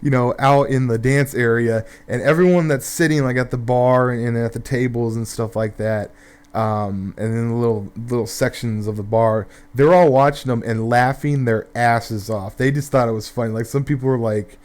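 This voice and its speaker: A man's voice: medium pitch, steady tone, moderate pace, a little mellow. A young man telling a rambling, profane story in casual gameplay commentary, full of fillers and restarts.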